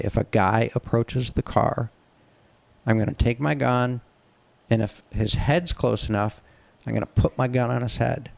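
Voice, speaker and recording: Man, middle-aged, gravelly, resonant, frank storyteller, profane, casual chat. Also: medium pitch. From Detroit area. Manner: frank, profane, acts out quoted voices. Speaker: podcast co-host telling a story.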